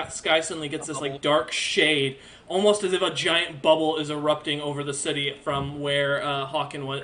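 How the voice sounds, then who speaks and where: Bright-voiced man narrating as game master. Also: a little high. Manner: loose, filler-heavy narration.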